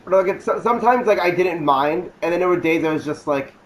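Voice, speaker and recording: A man's voice: high-pitched, animated, a little fast, poor audio. A young man co-hosting a podcast, rambling in casual chat with lots of filler words and silly mock voices. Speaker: podcast co-host.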